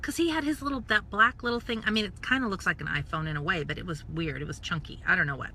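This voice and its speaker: A woman from the United States telling a story in a casual, animated live stream, acting out voices and dropping into whispered asides. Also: fairly low pitch, fast talker, slight background noise. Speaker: network marketing coach. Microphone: phone or webcam live stream.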